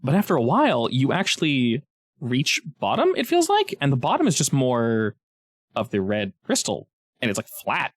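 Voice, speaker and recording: A man's voice: mid-range voice, huge pitch swings, normal speed, no room sound, clean studio sound. A man narrating a tabletop game as game master, in a chatty way with frequent restarts.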